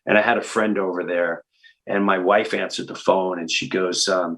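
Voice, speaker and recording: Animated middle-aged male comedian telling stories. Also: moderate pace. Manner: animated, acts out quoted people with big pitch jumps. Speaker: comedian guest. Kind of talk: storytelling in a podcast interview.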